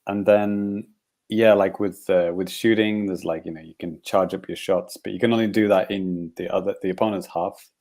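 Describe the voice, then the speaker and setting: A man's voice: low-pitched, fairly even intonation, normal speed, darkish tone. A man co-hosting a podcast, chatting casually in a rambling way with frequent chuckles and fillers. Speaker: podcast co-host. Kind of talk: casual chat.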